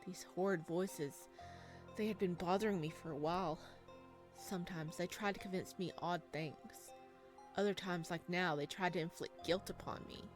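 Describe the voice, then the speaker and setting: A woman reading a visual novel aloud, narrating and reacting out loud between lines. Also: on the low side, moderate pace, faint music behind.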